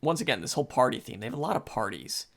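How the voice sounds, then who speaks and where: A man in his forties, co-hosting a podcast, retelling a book in a relaxed, rambling way. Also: mid-range voice, racing, vocal fry. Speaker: podcast co-host. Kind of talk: casual book discussion.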